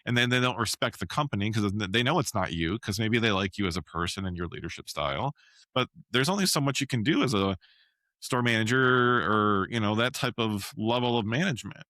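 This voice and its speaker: A man's voice: lowish voice, expressive, brisk, bright, forceful tone, no room sound. A man co-hosting a podcast, talking bluntly and with indignation, swearing freely in casual conversation. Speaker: podcast co-host. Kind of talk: casual chat.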